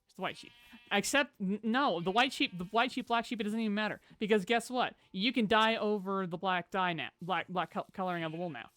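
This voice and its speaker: A live streamer chatting casually and playfully over gameplay, talking to viewers and a pet and breaking into loud exclamations. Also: mid-range voice, fairly quick, no echo.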